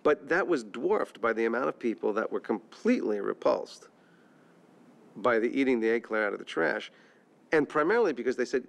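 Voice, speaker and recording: An actor in an interview, telling a wry, exasperated anecdote. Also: male voice, mid-range voice, animated, moderate pace, vocal fry. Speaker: actor interviewed about a sitcom.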